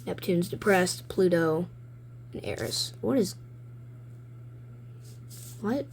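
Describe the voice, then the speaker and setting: A woman's voice: fairly low pitch, animated, a little hiss or hum. A young woman in a casual show-and-tell vlog, rambling and chatty as she describes her own comics at home. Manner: rambling, chatty, reads her own comics aloud with quick silly voices. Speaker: vlogger showing her drawings. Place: home room, lights turned down.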